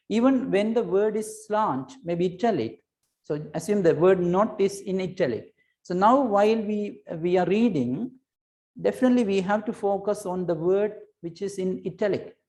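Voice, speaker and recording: A man's voice: fairly high pitch, mellow. A man teaching a recorded computer lesson, explaining patiently and repeating himself, often checking in with "right?" and "okay.".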